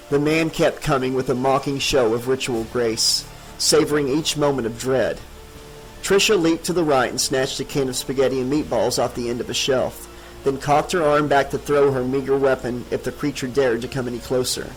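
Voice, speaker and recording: A man narrating a horror audiobook in a steady, dramatic reading. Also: medium pitch, low-quality recording.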